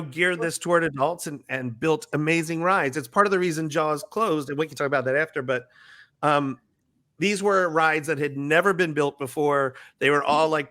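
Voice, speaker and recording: Animated, bright-voiced man telling ride stories. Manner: animated, acts out riders' squeals in a high voice. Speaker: guest, former ride skipper. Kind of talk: casual storytelling interview.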